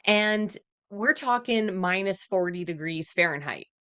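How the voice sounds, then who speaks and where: A woman's voice: mid-range voice, animated, unhurried, pushed and bright, clear, resonant tone. A Canadian woman hosting a podcast, chatting casually with lots of fillers and laughs. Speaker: podcast host. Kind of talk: casual chat.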